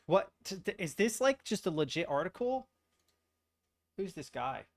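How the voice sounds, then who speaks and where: Young guy streamer rambling and swearing, kinda high voice, laughing at weird articles. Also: sing-song, measured pace. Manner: profane, rambling, easily amused. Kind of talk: casual chat reacting to articles.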